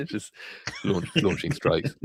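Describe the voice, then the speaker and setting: A man's voice: deep voice, lively intonation, slow, breathy edge, no echo. A man hosting a live tech news stream, chatting casually and rambling with many fillers and restarts. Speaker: livestream host.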